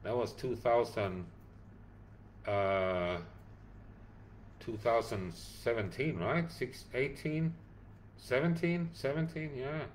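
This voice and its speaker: A man's voice: medium pitch, takes it slowly, long pauses, slight background noise. Tired man answering a livestream chat. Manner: reads viewer comments aloud and thanks them by name. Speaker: dog rescue founder answering live chat. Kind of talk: casual livestream Q&A.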